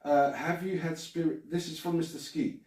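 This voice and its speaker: A man's voice: on the high side, fairly even intonation, normal speed, a little mellow. A man hosting a casual podcast, rambling and joking with his guests and swearing freely. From Britain. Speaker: podcast host. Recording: roomy sound from a distant mic.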